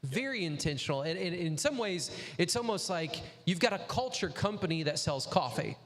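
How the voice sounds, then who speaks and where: A man's voice: high voice, expressive, normal speed. A man hosting a casual interview chat, enthusiastic and emphatic. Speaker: interview host. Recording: echoey hall.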